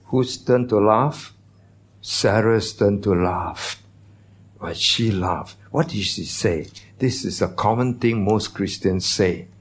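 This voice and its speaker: Low-pitched male pastor, conversational teaching sermon, church. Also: slow pace, breathy edge. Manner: conversational teaching, asks the congregation questions.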